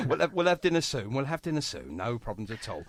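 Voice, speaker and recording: A man's voice: fairly high pitch, sing-song, normal speed, fairly bright tone, slight background noise. An English man hosting a radio show, bantering and laughing often. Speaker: radio presenter. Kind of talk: jokey radio chat.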